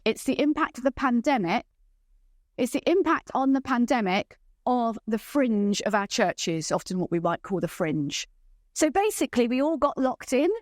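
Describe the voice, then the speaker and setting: In a clean studio recording free of echo, a woman with a fairly high pitch presents a church leadership training session. She stays enthusiastic throughout and regularly checks in with the audience using rhetorical questions.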